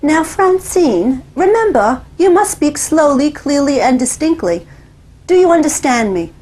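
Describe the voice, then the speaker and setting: A woman voicing a strict mother who scolds her young daughter in a high, precise, clipped voice. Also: very animated, unhurried, a little mellow. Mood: stern. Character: stern, easily shamed mother of a young girl.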